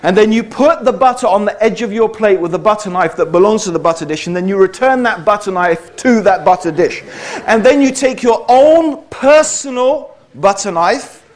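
A British man giving a conversational public lecture to an audience, often checking in with the listeners. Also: sits high. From Britain. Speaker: speaker giving a talk to an audience.

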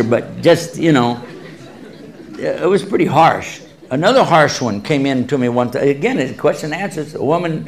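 A man with a fairly high, creaky voice gives a public talk as an Islamic lecturer. He answers audience questions through humorous stories, animatedly acting out the voices he quotes.

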